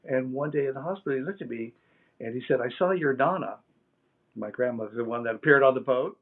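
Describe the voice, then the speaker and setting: A man's voice: mid-range voice, fast. A middle-aged man telling personal stories as an interview guest, rambling and reflective with many fillers. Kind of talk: casual storytelling interview. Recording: tinny phone-like line.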